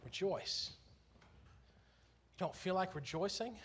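A man's voice: medium pitch, moderate pace, a bit bright, a little hiss or hum. A man preaching a sermon in church, earnest and conversational, lifting his voice on key phrases.

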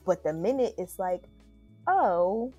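A woman co-host speaks bluntly in a casual podcast chat. Her voice is low and mellow. The sound is dry and close. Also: expressive, brisk, no room sound, soft background music. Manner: blunt, emphatic agreement.

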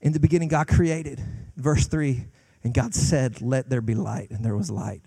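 A guest pastor delivers a passionate sermon, rising to loud peaks and falling to hushed lines. His voice is medium-pitched and slightly rough, at a normal speed.

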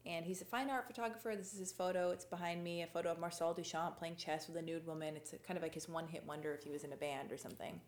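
A woman's voice: on the low side, steady tone, very fast, few pauses, slight background noise. A woman guest on a podcast, chatting casually and rambling through a story with restarts. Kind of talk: casual chat. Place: a home. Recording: roomy echoey room.

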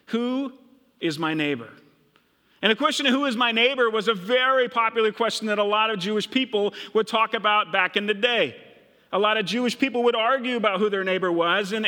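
A man's voice: high voice, pushed and bright, long reverb tail. A middle-aged man from Minnesota preaching a sermon, retelling a story and voicing the characters' thoughts. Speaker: pastor.

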